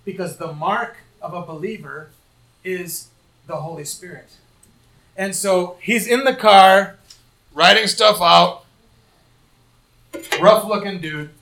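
A middle-aged male pastor preaching a sermon in church, telling stories with lively acted-out voices. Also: high voice, echoey room, far from the mic, low-quality recording. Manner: animated storytelling, acting out quoted voices.

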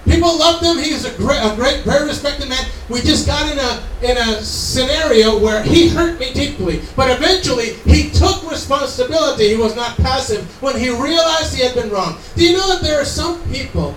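A man's voice: very high voice, lively intonation, moderate pace, few pauses, a bit bright, slight background noise. A man preaching a sermon in an earnest, conversational way with asides to the congregation. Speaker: pastor. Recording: echoey room, mic from far off.

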